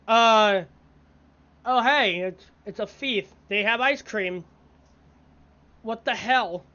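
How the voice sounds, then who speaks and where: A woman's voice: a little high, takes it slowly, a bit bright. A woman giving casual let's-play commentary, mumbling asides and breaking into startled reactions, on a dull lo-fi mic. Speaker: gaming video creator.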